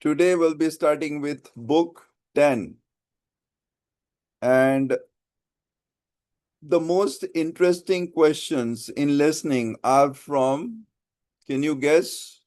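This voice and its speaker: A man leads a lesson in a classroom full of students, pausing to ask them questions. His voice sits a little high for a man. The sound is dry, with little room echo. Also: a little mellow. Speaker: IELTS teacher. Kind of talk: live classroom lecture.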